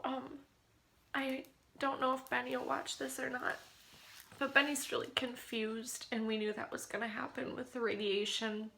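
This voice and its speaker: A woman talks to the camera in a personal video diary about caring for her sick husband. Her voice is bright and gravelly. She is emotional and often sinks to a near whisper. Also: on the high side.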